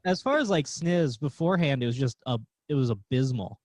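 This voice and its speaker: A man's voice: mid-range voice, animated, a little fast, a little mellow, dry recording. A young man, a stand-up comedian guest, talking about himself in a laid-back, self-deprecating way. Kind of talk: casual chat.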